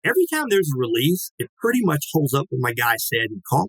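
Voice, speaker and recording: A man in his sixties talks as a guest in a close, dead-sounding room with no echo. His voice sits at an ordinary middle pitch. He tells his story casually and acts out the voices of the people in it. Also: fast talker, breathy edge. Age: 60s. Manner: lively, acts out quoted dialogue, swears casually.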